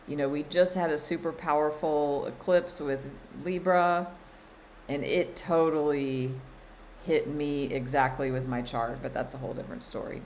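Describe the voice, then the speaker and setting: With a low, slightly mellow voice, a woman works as a spiritual coach and card reader, coaching viewers live with emphatic delivery, repeated phrases, and frequent laughter. Some hiss or hum runs through the poor-quality recording.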